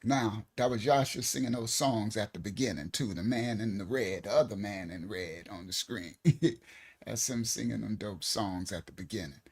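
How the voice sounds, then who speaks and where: A man's voice: on the low side, normal speed, slightly rough. A man, leading a casual live-stream Bible lesson in a loose, chatty way. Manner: loose and chatty, frequent "all right" and laughs. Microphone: desk mic on a live stream.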